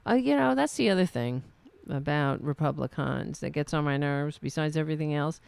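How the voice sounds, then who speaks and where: A sarcastic woman hosts a political podcast, mocking and swearing freely. Her gravelly voice swings widely in pitch at an unhurried pace, and the sound is dry and close. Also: lively intonation, a little mellow, no room sound. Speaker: podcast host. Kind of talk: political commentary.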